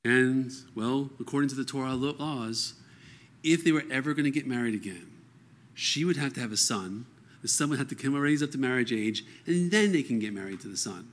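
A man's voice: mid-range voice, fairly quick. A man reading scripture aloud and explaining it verse by verse in a conversational teaching style. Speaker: Bible teacher.

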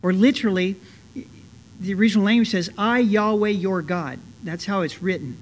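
A man's voice: high voice, moderate pace. A man preaching an expository sermon as a pastor, talking conversationally with frequent fillers and restarts, growing earnest when he stresses a point. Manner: conversational, many "you know" fillers and restarts; earnest, rising with emphasis.

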